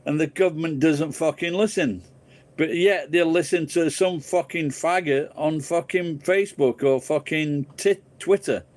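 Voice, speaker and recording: A man's voice: on the high side, a little slow, a little mellow. A man hosting a casual live stream, ranting profanely and rambling into crude jokes.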